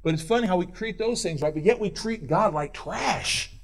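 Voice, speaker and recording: A male pastor preaching a sermon in a church, swinging between loud urging and quiet intensity. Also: high-pitched, lively intonation, moderate pace, gravelly.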